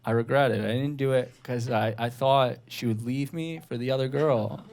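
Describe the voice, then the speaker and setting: A man of thirty doing a stand-up set on a club stage, delivering deadpan lines and acting out dialogue, with laughter from the audience. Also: mid-range voice, normal speed. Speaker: stand-up comedian. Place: comedy club stage, Toronto. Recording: noisy live club recording.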